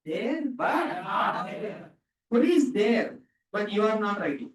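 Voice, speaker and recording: This programming teacher speaks unhurriedly in a high voice with big swings in pitch. He quizzes the class with short, repeated questions and has students respond, and the echoey recording places him well away from the mic.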